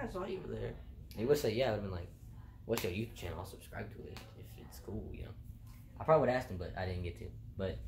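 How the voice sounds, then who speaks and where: Young man, casual vlog storytelling, lowish voice, roomy sound, faint noise, laughs and swears a lot. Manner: laughing, animated and profane. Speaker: vlogger.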